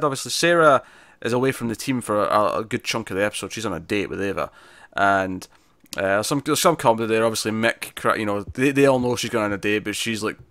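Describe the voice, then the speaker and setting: Brief: lower-pitched man with a bright, forceful tone, chatty podcast co-host, dry close sound. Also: no room sound. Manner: chatty, rambling with frequent restarts. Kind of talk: casual TV review chat.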